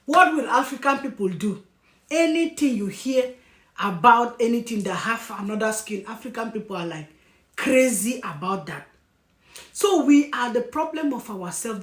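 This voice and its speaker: A woman vlogger giving emphatic, scolding commentary, breaking off now and then to apologize for what she says. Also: fairly high pitch. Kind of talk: opinionated commentary. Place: lives in Germany. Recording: echoey room.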